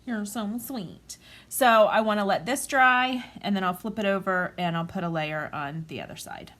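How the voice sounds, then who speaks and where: A woman in her forties talking through a craft tutorial at home in a gentle, calm, chatty way. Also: mid-range voice, normal speed. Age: 40s. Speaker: craft vlogger.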